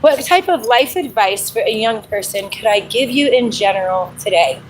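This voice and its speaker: A woman's voice: fairly high pitch, normal speed, a little hiss or hum, rough recording. Chatty woman in her forties. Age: 40s. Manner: chatty, animated, laughs often, reads viewer comments aloud. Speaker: livestream host. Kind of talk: casual live chat while walking. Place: outdoor trail on a dog walk.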